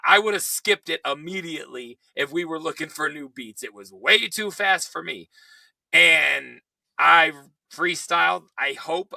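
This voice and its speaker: A young man telling a story in casual podcast chat, animated and swearing, while he is losing his voice. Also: fairly high pitch, gravelly, dry recording, recorded from a distance. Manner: animated, swearing, quoting himself. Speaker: podcast co-host.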